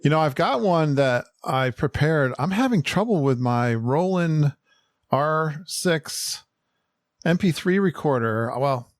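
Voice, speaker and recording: A man's voice: fairly high pitch, lively intonation, slow pace, dry recording. A man hosting a podcast, chatting in an upbeat way and laughing often. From Connecticut, USA. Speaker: podcast host. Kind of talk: casual podcast chat.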